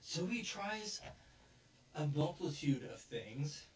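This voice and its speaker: A man hosting a casual review chat, retelling the story in an animated way and laughing often. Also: fairly high pitch, takes it slowly. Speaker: podcast host. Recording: echoey room, distant mic, faint noise.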